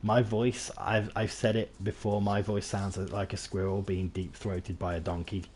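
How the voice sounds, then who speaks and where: A man's voice: fairly low pitch, flat delivery, moderate pace, darkish tone, a little hiss or hum. A man with an English accent chatting casually while playing a game, rambling and self-deprecating with lots of restarts. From England. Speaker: game streamer. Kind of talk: casual gameplay commentary.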